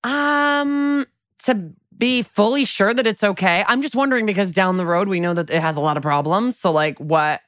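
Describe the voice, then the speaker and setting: A woman's voice: mid-range voice, moderate pace, fairly bright tone, dry recording, clean studio sound. A woman co-hosting a podcast, chatting casually and thoughtfully between laughs. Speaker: podcast co-host. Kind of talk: casual chat.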